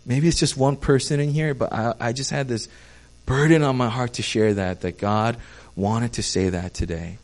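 A man preaching a sermon as pastor, earnest, stumbling over repeated words and swinging between hushed and fervent passages. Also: mid-range voice, normal speed.

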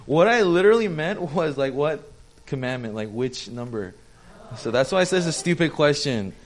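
A man's voice: fairly high pitch, expressive, normal speed. A young male pastor giving a casual, chatty sermon, joking with his congregation and poking fun at himself. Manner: chatty, self-deprecating, talks with the audience.

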